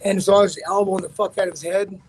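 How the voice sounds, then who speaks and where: A man's voice: high-pitched, level tone, quick pace, a little hiss or hum, poor audio. A man, a fighter being interviewed, telling a story in a rambling, profane way with many restarts. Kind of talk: casual storytelling.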